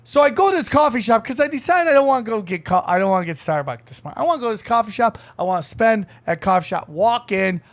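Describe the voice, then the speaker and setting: A man's voice: high-pitched, quick pace, hardly any pauses. A man hosting a podcast in casual comedic chat, telling rambling, profane stories. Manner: animated storytelling with put-on voices. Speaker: podcast host.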